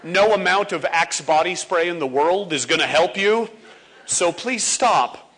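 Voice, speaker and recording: A man in his forties giving a comedic speech on stage, animated and acting out scenes for laughs. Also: high voice, unhurried, husky. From Ontario, Canada. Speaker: motivational speaker. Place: stage before a live audience.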